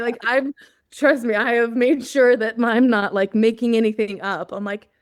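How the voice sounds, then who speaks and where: A woman's voice: fairly high pitch, normal speed, no echo, studio quality. A woman guest on an interview show, telling a personal story in a casual way, often laughing and acting out her own thoughts. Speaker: guest, journalist.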